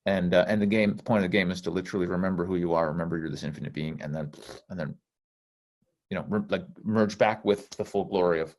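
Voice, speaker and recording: A man's voice: sits low, steady tone, fast talker, darkish tone. A man talking casually on a call as a spiritual teacher, blunt and intense, swearing freely as he rambles. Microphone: call microphone.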